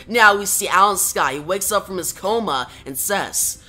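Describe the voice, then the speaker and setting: Casual comic reviewer, bright timbre, plain step-by-step narration. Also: medium pitch, animated, normal speed. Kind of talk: casual retelling of a comic issue.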